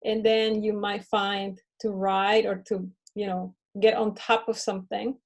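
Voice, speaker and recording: A woman teaching a Spanish lesson to children, switching between English and Spanish and modeling words slowly and clearly for the class to repeat. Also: mid-range voice, level tone.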